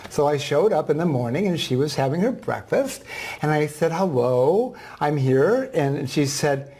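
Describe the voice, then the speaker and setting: A man's voice: on the high side, moderate pace, husky. A man, a reading teacher on a talk show, telling an emotional story and acting out the dialogue. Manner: animated storyteller, acts out dialogue; emotional, soft-hearted.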